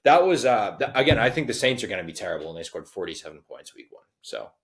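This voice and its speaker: A young man co-hosting a casual sports podcast, talking fast and excitedly, often slipping into quoted voices. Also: fairly low pitch. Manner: excitable, quick to quote others in a dude-voice. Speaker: podcast co-host.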